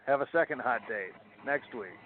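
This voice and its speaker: A man's voice: mid-range voice, expressive, normal speed. A man co-hosting a casual podcast, rambling, laughing and swearing casually. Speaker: podcast co-host. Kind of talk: casual chat. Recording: tinny phone-like sound with faint noise.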